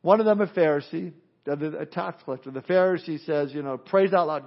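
A man's voice: a little high, fairly quick, creaky. A man giving a conversational sermon, plain-spoken and emphatic, acting out people now and then to make a point. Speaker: preacher teaching through a book of the Bible. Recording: dull lo-fi recording.

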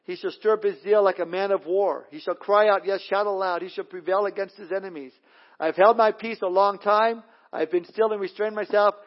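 A man preaching a verse-by-verse sermon, earnest and emphatic, often repeating words as he restarts a thought. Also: sits high. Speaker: pastor teaching through a Bible book. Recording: dull lo-fi audio.

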